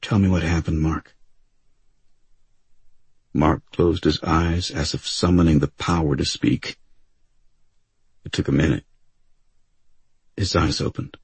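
A man narrating an audiobook in an even, unhurried storytelling manner. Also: extremely low pitch, creaky, husky, no room sound. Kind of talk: scripted narration. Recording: dry close studio sound.

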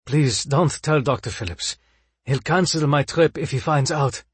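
A man's voice: medium pitch, a little slow, slightly rough, no room sound, pitched above the performer's own voice. A man voicing a tired, ailing male scientist who talks in a strained, defensive way. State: strained, weak. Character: ailing, weary male scientist, stubborn and secretive.

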